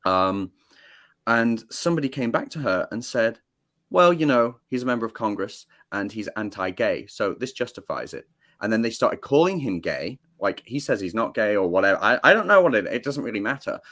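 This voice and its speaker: A man's voice: on the low side, big pitch swings, normal speed, a bit bright. A man with a British accent, guest-hosting a casual political talk show and building his points through rhetorical questions. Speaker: guest host.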